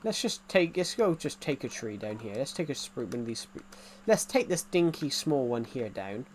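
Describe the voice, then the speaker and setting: A man's voice: medium pitch, big pitch swings, normal speed, a little hiss or hum. A man casually chatting while streaming a game, rambling and reacting to viewers' comments. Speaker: gaming streamer.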